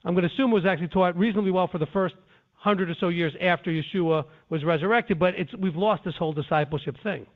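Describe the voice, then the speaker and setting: A man with a high voice lectures on scripture, earnest and a little defensive, often stopping to restart his sentences. The sound is thin and tinny, as if it came over a phone line. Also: quick pace. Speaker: Bible teacher. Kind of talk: conference-call teaching.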